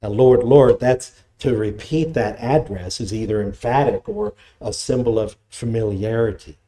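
A man preaching a sermon, with animated delivery and scripture quotations. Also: moderate pace. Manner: animated preaching, dramatic pitch swings, reads scripture quotes. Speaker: pastor.

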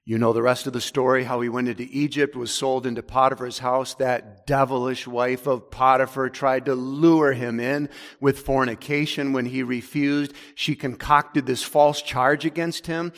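A man preaching a sermon as pastor, emphatic, dropping low and slow on key words. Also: flat delivery, fairly bright tone. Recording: long hall reverb.

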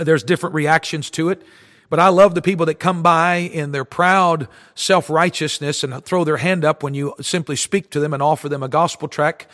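A man's voice: on the high side, in a large hall. A man preaching a fervent, emphatic sermon, quoting scripture. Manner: fervent, emphatic preaching with King James quotes. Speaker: street preacher.

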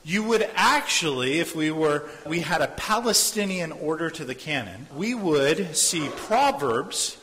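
A man's voice: on the high side, animated, measured pace, hardly any pauses, fairly bright tone. A man preaching a sermon as a pastor. He speaks earnestly, repeats his phrases and acts out the voices of people he quotes. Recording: long hall reverb.

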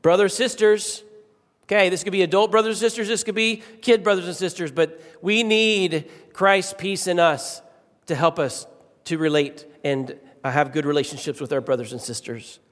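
A man's voice: sits high, steady tone, moderate pace. A middle-aged man preaching a sermon to his congregation, emphatic and repeating key phrases as he shifts his pace and volume. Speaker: pastor. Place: church sanctuary. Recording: long reverb of a church hall.

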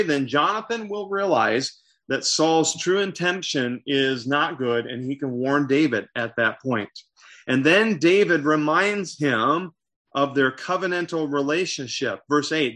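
Man teaching scripture with lively paraphrase. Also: mid-range voice. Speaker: Bible teacher. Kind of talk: expository Bible teaching.

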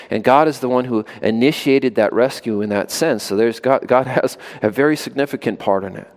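A man's voice: mid-range voice, a little mellow. A man preaching a sermon as pastor, earnest and emphatic, often repeating words for stress.

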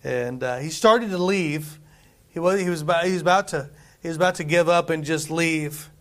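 A man's voice: on the high side, normal speed. A man preaching a conversational sermon, repeating phrases for emphasis. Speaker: pastor.

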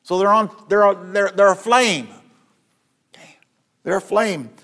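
Male preacher with a slightly high voice, sermon delivery that swings between loud emphasis and quiet. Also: slow pace. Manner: repeats words and restarts phrases.

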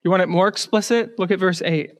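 A man's voice: high voice, fast. A male pastor preaching an emphatic sermon, putting rhetorical questions to his congregation and often repeating words as he starts a phrase.

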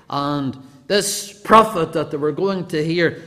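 A man preaching a sermon in an earnest, emphatic way, slowing down to stress scripture. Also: on the high side, fairly bright tone. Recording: long hall reverb.

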